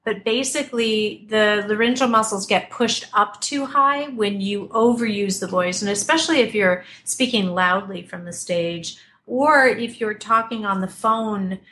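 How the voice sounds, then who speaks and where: Bright, chatty woman vocal coach. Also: mid-range voice, a little slow, few pauses, slight background noise. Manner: animated, chatty, many fillers and restarts. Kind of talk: remote interview, explaining technique. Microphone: desktop computer mic at a distance.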